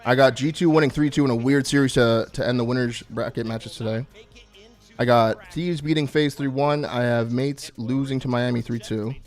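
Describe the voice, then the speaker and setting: A man's voice: medium pitch, steady tone, moderate pace, a little mellow, soft background music. A young man hosting a live stream, chatting casually, swearing freely and thanking his subscribers one after another. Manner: laid-back, profane, constantly thanking subscribers. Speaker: streamer hosting a watch party.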